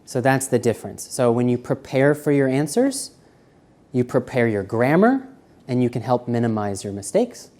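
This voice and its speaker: A man giving a live seminar lecture, walking around and shifting between quiet, slow speech and loud emphasis. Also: medium pitch, lively intonation. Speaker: seminar presenter. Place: university seminar room.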